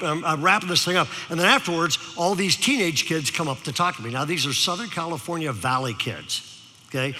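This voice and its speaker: Bright-voiced pastor in a reverberant hall. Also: male voice, on the high side. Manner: storytelling with repeated "okay?" to the audience. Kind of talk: sermon.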